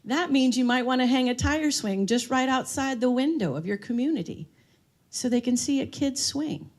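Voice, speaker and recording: A woman's voice: high-pitched, expressive, moderate pace. A woman giving a live seminar talk on dementia care, telling stories and asking the room questions. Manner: storytelling, asks the audience questions. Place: room with an audience.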